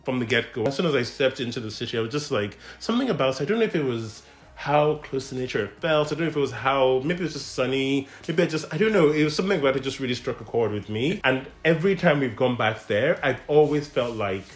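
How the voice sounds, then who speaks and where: A man talks casually about favorite travel spots, rambling with fillers and laughing easily. His voice sits at an ordinary middle pitch. The room gives it a noticeable echo. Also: animated, fast talker, soft background music. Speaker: travel vlogger co-host. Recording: echoey room.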